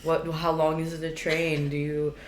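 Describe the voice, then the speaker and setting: A young woman co-hosting a podcast, emotional and giggly, swearing casually in relaxed chat. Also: deep voice, a little slow, crowd noise. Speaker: podcast co-host. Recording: echoey room, faint noise.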